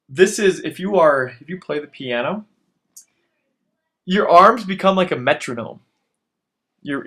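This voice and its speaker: This fitness instructor, a man in his thirties, has a somewhat high, slightly bright voice. Coaching over footage of himself working out, he pushes the listener hard and pants once the exercises are done.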